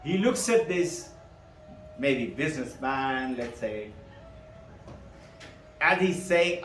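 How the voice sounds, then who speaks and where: A man's voice: medium pitch, lively intonation, takes it slowly, pauses often, a bit bright, a little hiss or hum. A man gives a teaching talk on Vedanta. He poses rhetorical questions and answers them himself, laughs between points and often adds "no?" as a tag. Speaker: spiritual teacher. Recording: echoey room, mic at a distance.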